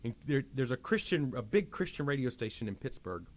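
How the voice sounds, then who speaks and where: A man, a pastor guest on a podcast, telling a personal story in an animated, emphatic way that repeats and restarts phrases. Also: medium pitch, a little fast. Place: podcast studio.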